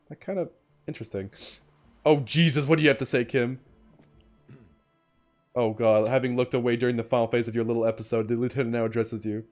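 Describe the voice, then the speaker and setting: Man, game streamer, casual commentary, dramatic read-alouds, mid-pitched. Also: fairly quick, pauses often, faint music behind. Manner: animated, reads game text in dramatic voices. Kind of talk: gameplay commentary, reading aloud.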